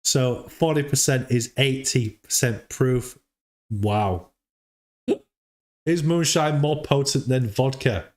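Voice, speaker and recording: A man's voice: mid-range voice, slow pace, a little mellow. Rambling man hosting a stream. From United Kingdom. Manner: rambling, repeats words, laughs often. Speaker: livestream host. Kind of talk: casual livestream chat.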